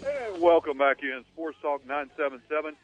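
A man's voice: fairly high pitch, wildly swooping pitch, moderate pace, soft background music. A man hosting a sports talk radio show, talking in an emphatic, punchy, lecturing way. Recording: narrow phone-like band, dry.

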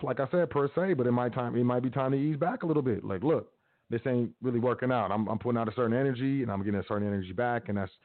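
Man preaching casually over a tinny line. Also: medium pitch. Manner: casual, preachy, repetitive urging. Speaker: podcast host. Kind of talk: motivational talk. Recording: tinny phone-like audio.

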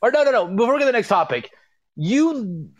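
A man's voice: very high voice, big pitch swings, brisk, dull audio. A man co-hosting a wrestling podcast, wisecracking and mock-exasperated in casual chat. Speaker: podcast co-host.

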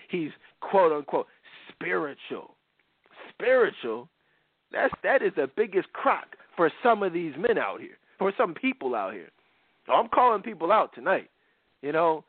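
A middle-aged man hosting a radio talk show, preaching in a casual, animated way. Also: on the high side, dry recording. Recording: dry phone-like radio sound.

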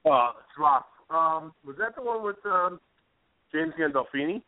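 His voice sits on the high side and is expressive, delivered a little slowly. He co-hosts a radio show, chatting casually with rambling, hesitant speech and many fillers. No echo, but a tinny, phone-like sound.

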